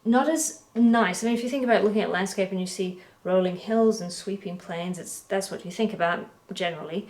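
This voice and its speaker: Woman talking thru a painting critique, easygoing, middle pitch, bit of room echo. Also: fairly quick, few pauses. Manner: relaxed, chatty, self-correcting. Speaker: art teacher. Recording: echoey room.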